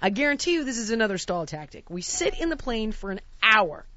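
Talking a little fast with the highs cut off, this talk show host tells a story about a travel mishap. She performs each quote animatedly, her voice swinging widely in pitch and breaking into shouts.

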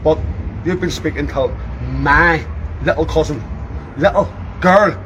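A man's voice: fairly high pitch, steady tone, unhurried, background noise. Furious cursing man, street confrontation. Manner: furious, cursing, repeating himself. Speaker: angry relative.

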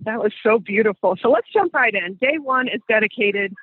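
A man with a high, very husky voice tells a story as a podcast host, leaning hard on repeated phrases. The sound is dry and thin, like a phone line. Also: expressive, brisk, dry recording. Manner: emphatic, repeats phrases for weight. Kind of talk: conversational storytelling.

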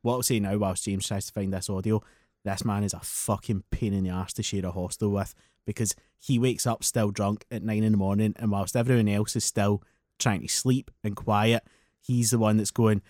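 A man co-hosting a podcast, telling animated, sweary anecdotes and mimicking friends. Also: on the low side, normal speed, no echo, clean studio sound. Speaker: podcast co-host. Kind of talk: casual storytelling chat.

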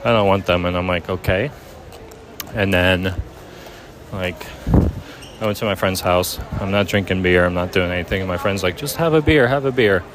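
A young man telling a personal story casually, halting with many fillers. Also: sits low, flat delivery, a crowd in the background, rough recording. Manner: halting, many ums and likes. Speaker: vlogger.

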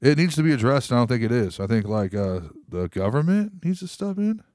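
A man's voice: medium pitch, very animated, fairly quick, a little mellow, no echo, studio quality. A man co-hosting a casual chat, loose and profane, who acts out phone calls in silly voices. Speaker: podcast co-host.

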